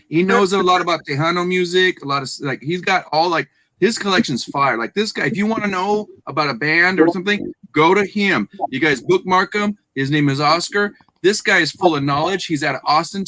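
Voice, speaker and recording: A man co-hosting a casual livestream chat, who talks excitedly and hypes up the viewers in the chat. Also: high voice, moderate pace, no room sound. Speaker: podcast co-host.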